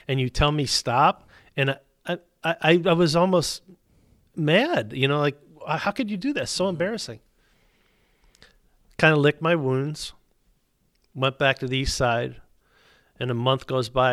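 A man's voice: medium pitch, a bit bright, no echo, clean studio sound. A middle-aged man, a business owner telling his faith story as a guest, acting out both sides of the dialogue. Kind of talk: storytelling testimony.

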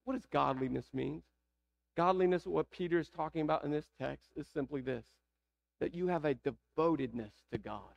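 A man's voice: on the high side, normal speed, vocal fry, highs cut off. A man with a Southern American accent preaching a sermon, asking the congregation rhetorical questions. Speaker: pastor.

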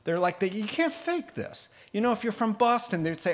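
A middle-aged man preaching a sermon, animated and often laughing as he mimics accents to make his point. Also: sits high, moderate pace, hardly any pauses. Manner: animated, laughing, putting on funny accents for examples. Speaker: pastor.

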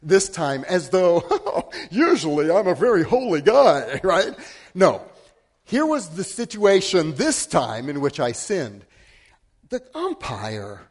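A middle-aged man preaching a sermon, telling a story against himself with sudden swings between loud and hushed. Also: a little high, sing-song, slow, breathy edge. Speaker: pastor.

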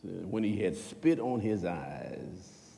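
A man preaching a sermon in a folksy, animated way, swinging between loud bursts and hushed asides. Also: low voice, slow, creaky. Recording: long hall reverb.

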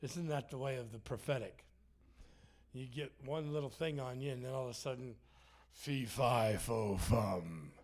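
A man's voice: mid-range voice, steady tone, fairly quick, darkish tone. A man preaching a sermon in a church, joking and self-deprecating, with frequent restarts. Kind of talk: sermon with humor. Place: church sanctuary.

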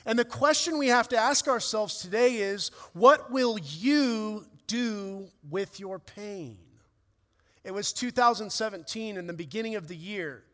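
High-voiced pastor preaching in a reverberant church. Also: male voice, measured pace, fairly bright tone. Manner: earnest storytelling, emotional swells. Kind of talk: sermon with personal story. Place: church hall. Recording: long reverb of a church hall.

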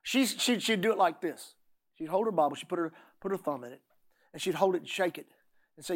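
A man's voice: sits high, animated, fairly quick. A middle-aged man preaching a sermon, often repeating words and asking the congregation "Amen?".

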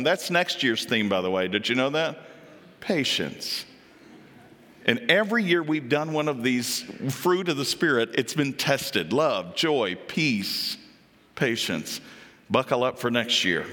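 Bright-voiced male pastor preaching in a hall. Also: on the high side, lively intonation, normal speed. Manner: reads scripture then comments, asks the congregation questions. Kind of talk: sermon. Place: church stage.

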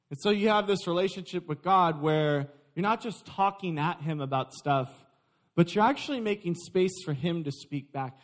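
A young adult man preaching a sermon, lively and joking with his congregation. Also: sits high. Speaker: pastor.

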